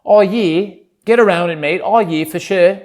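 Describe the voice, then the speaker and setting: A man's voice: high voice, normal speed, natural voice. A man voicing a chirpy, laid-back adult Australian bloke in a put-on Australian accent, friendly and breezy. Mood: cheery. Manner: breezy, friendly, says mate a lot.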